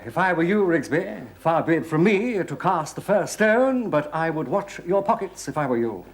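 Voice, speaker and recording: An actor playing a smooth, genteel gentleman with a posh English accent, in a 1970s studio sitcom. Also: a little high, very animated, moderate pace. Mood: suave. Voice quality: polished, suave, genteel. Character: smooth, posh, scheming male gentleman con man. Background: studio audience laughter.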